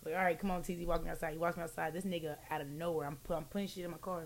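A woman's voice: on the low side, steady tone, rapid-fire, a little hiss or hum. A woman co-hosting a casual podcast, telling a wild story with lots of profanity and acted-out quotes. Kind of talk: casual chat.

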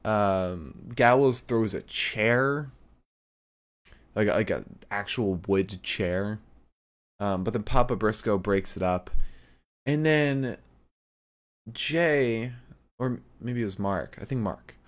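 A man's voice: fairly low pitch, slow, long pauses. A man co-hosting a podcast, recapping a show in rambling casual chat with lots of fillers and laughs. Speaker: podcast co-host.

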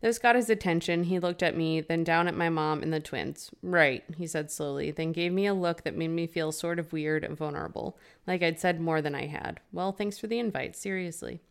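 A young woman with a lowish, smooth and resonant voice chats about a novel on her podcast. She laughs easily and slips into reading passages aloud in a casual, friendly way. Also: brisk, hardly any pauses. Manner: giggly, recaps chapters and reads passages aloud. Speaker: podcast co-host. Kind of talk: casual book-club chat.

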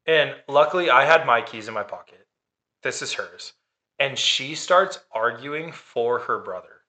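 A man's voice: medium pitch, slow, sharp tone. A man telling a dating story in casual chat, sarcastic and swearing freely. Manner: sarcastic, profane.

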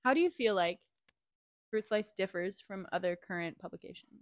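A woman's voice: medium pitch, a little fast, no echo. Playful young woman hosting, dry sound. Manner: playful, joking. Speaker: podcast host. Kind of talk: casual podcast chat.

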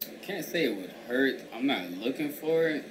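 A man's voice: medium pitch, animated, normal speed, a crowd in the background. A man guest in a casual podcast chat, easygoing and agreeable.

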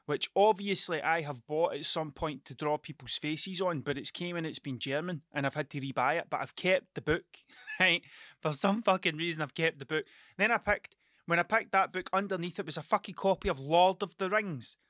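A man's voice: fairly high pitch, moderate pace, a bit bright, no room sound, clean studio sound. A middle-aged man, hosting a casual solo podcast and telling rambling, sweary stories that keep restarting themselves. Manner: rambling, sweary, self-interrupting storytelling. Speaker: podcast host.

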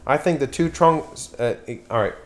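A man's voice: fairly high pitch, normal speed. A young man from Pennsylvania hosting a podcast, chatting casually, rambling, swearing and losing his train of thought. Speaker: podcast host. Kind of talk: casual chat.

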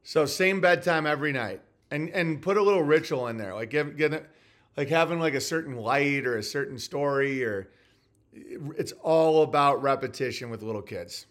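A man's voice: fairly high pitch, normal speed, fairly bright tone. A man hosting a live-stream podcast, reading viewer messages and answering with sarcastic, mocking rants.

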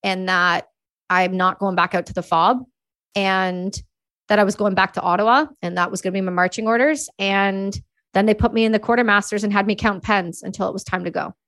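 A woman from Canada in her thirties, a podcast guest telling stories candidly and casually, swearing freely and talking quickly. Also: medium pitch, fairly bright tone. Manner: candid, profane, quick-talking, voices quoted people. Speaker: podcast guest, army veteran. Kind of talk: casual storytelling.

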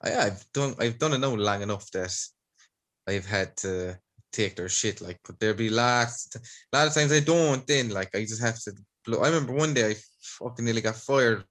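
Irish guy hosting a podcast, animated storyteller, swears a lot, normal mid voice. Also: medium pitch, moderate pace. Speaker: podcast host. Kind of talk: casual chat.

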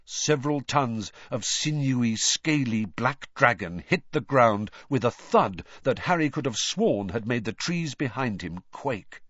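A man narrates a storybook with a dramatic, expressive delivery and lively pitch. His voice is husky, heard close and dry on a dull recording. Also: no room sound. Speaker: audiobook narrator.

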